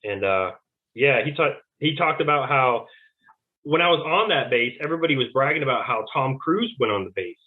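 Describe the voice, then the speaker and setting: A man's voice: mid-range voice, lively intonation, normal speed. A man giving rambling casual testimony as an interview guest, acting out quoted back-and-forth conversations. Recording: tinny phone-like line.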